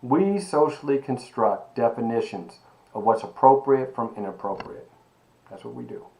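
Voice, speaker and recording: A man teaching an online sociology lecture, animated and emphatic, asking rhetorical questions and calling his students baby. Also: medium pitch, normal speed, creaky, low-quality recording. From Miami. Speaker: sociology professor.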